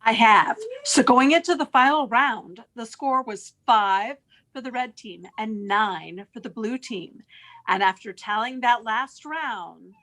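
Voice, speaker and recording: A woman announcing the final score and credits of an online improv show, measured and deliberate, over a video call. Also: a little high, fairly bright tone. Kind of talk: reading results and credits.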